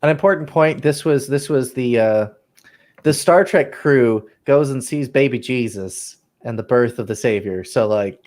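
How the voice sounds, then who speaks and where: A man's voice: medium pitch, a little slow, darkish tone. A man in his twenties, a graduate student guest, joking in laid-back casual chat over a video call.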